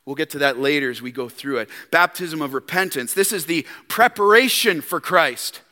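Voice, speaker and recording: High, bright-voiced preacher. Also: male voice, normal speed. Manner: animated, rhetorical questions, direct address. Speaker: pastor. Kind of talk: sermon. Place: church. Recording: long church reverb.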